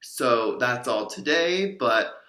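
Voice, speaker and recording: A man's voice: mid-range voice, expressive, slow pace, sharp tone, reverberant. A young man teaching a Spanish lesson, explaining patiently with examples and asking the listener to repeat after him. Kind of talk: spoken language lesson.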